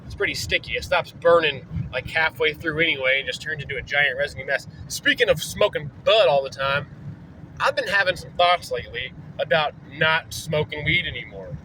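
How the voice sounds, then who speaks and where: A man's voice: a little high, expressive, normal speed, background noise. A man vlogging casually while driving, loose and profane, trailing off with fillers. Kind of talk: casual rambling vlog. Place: in a moving vehicle on an early morning drive.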